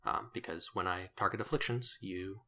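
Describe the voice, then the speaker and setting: Game master, male, low voice with a bright edge, rambling and self-correcting narration. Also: moderate pace.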